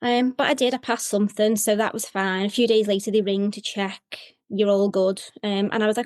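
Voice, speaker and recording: A woman's voice: mid-range voice, steady tone, brisk, few pauses, darkish tone, no echo, clean studio sound. Candid woman. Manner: candid, emotional retelling with frequent fillers. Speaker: guest sharing her fertility story. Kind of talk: personal storytelling.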